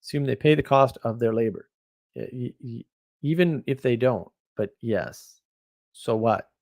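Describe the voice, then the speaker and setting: A man hosting a casual livestream, chatting and reacting to viewer comments in a rambling, opinionated way, often getting louder or dropping suddenly to a mutter. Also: mid-range voice, vocal fry. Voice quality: rambling, opinionated, quick shifts in loudness. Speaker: livestream host.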